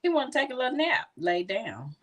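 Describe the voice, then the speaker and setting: A woman's voice: high-pitched, very animated, a little fast, fairly bright tone. A woman co-hosting a live podcast, talking sassy and emphatic in casual banter. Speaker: co-host.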